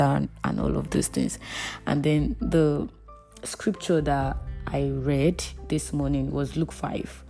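A woman's voice: deep voice, lively intonation, measured pace, vocal fry, dark tone, soft background music. A young woman hosting her own faith podcast, talking to listeners in a chatty, heartfelt way. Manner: chatty and heartfelt, addresses listeners as "you guys". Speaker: podcast host. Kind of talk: casual faith podcast monologue.

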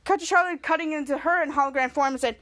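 A woman's voice: high voice, fast, fairly bright tone. A woman podcast host recapping a TV episode in a rambling play-by-play with filler hums.

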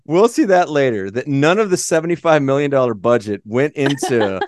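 A man's voice: medium pitch, no room sound. Guy on a movie podcast, swears a lot, voice jumps all over, dry close sound. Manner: profane, excitable, quick asides, laughs a lot. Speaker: podcast co-host. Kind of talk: casual movie recap chat.

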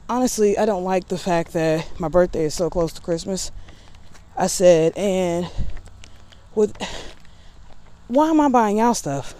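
A woman's voice: on the low side, expressive, measured pace, long pauses, mellow. A woman vlogger in casual talk to camera, candid and rambling with a sassy edge.

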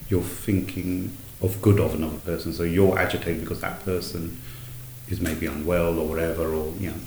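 A man in a group discussion who puts forward a question haltingly, restarting his sentences. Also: sits low, little pitch movement, darkish tone, slight background noise. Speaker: student in discussion. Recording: echoey room.

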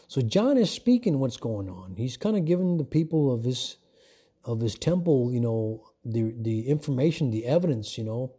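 Husky guy preaching off the cuff, dark mellow voice, keeps saying folks. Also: mid-range voice. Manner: rambling, repeats words, calls listeners "folks". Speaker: self-made preacher. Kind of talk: informal preaching monologue.

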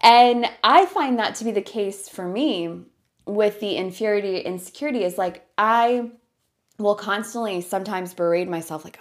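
A woman's voice: mid-range voice, normal speed. A woman in her thirties hosting her own podcast, talking earnestly and thinking aloud with lots of fillers. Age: 30s. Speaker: podcast host. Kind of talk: reflective solo podcast talk.

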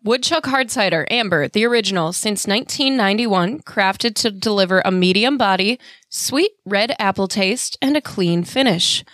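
A woman's voice: medium pitch, expressive, moderate pace, a bit bright, no echo. Female podcast co-host, wry tone, close and dry mic. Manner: reads product notes, wry asides. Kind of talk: casual podcast chat.

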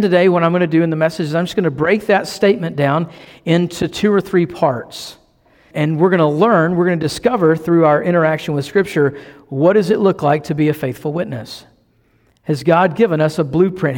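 A man from the American South with a Southern accent, preaching a sermon as pastor, earnest and teaching, slowing down to stress key phrases. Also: a little high, a little mellow, in a large hall.

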